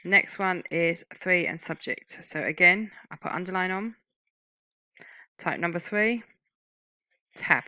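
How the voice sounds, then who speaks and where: A woman tutors typing over a screen recording, walking through each step patiently and explaining the terms. Her voice sits fairly low yet sounds bright and clear. The recording is dry and close. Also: takes it slowly, pauses often, no echo, poor audio.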